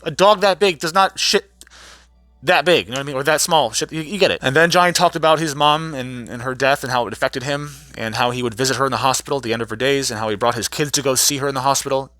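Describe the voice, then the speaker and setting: A man recapping a trial in a casual vlog, telling the story in a profane, animated way and acting out quotes in other voices. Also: mid-range voice, fast, dry recording, faint music behind.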